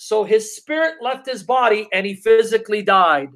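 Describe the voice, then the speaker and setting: High-voiced emphatic man preaching live. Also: a bit bright. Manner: emphatic, repeats questions to drive points home; reads scripture aloud in a slow, deliberate cadence. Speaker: live-stream Bible teacher. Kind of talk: live Q&A stream, reading viewer comments.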